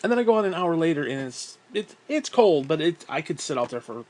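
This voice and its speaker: A young man talks straight to the camera in a loose, rambling vlog, his voice sitting a little higher than most men's. He swears freely and trails off into laughs and sighs as he tells his story. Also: sing-song, a little fast, darkish tone. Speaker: vlogger. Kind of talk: rambling casual monologue.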